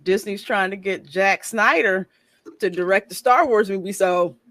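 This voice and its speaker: A woman co-hosting a live-stream podcast over a video call, opinionated and animated with laughing asides. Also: mid-range voice, normal speed. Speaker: podcast co-host. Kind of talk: casual live-stream chat.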